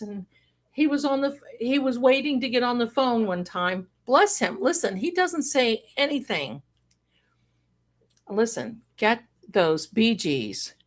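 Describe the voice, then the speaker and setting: Slow-talking chatty woman hosting a livestream. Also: fairly high pitch, a bit bright. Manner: chatty and rambling, breaks into singing and laughter. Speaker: livestream host. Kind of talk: casual live-stream chat with viewers.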